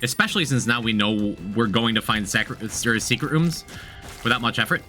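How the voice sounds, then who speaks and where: Lively, bright-voiced male game streamer. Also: mid-range voice, fairly quick, soft background music. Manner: chatty, thinks aloud, repeats himself, talks to chat. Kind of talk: casual gameplay commentary.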